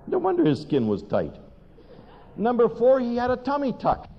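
An older man preaching a sermon, telling funny stories in an animated way and putting questions to his listeners. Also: extremely high pitch, normal speed. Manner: animated storytelling, asks the audience questions. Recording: dull recording in a long-reverb hall.

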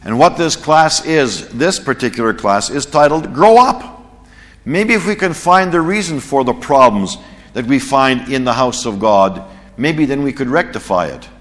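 A man's voice: medium pitch, measured pace. Man preaching in a reverberant hall. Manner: storytelling, animated, chuckles at his own jokes. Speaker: preacher teaching a church class. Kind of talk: sermon with anecdote.

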